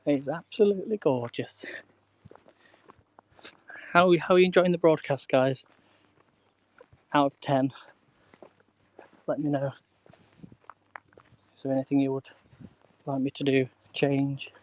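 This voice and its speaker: A man talks easily to his live-stream viewers as he walks a canal towpath outdoors. His voice sits in an ordinary middle pitch, and he greets people by name and chuckles often. It sounds like a phone held up while he walks. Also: fairly even intonation, takes it slowly, long pauses, darkish tone. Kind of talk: casual live-stream chat while walking.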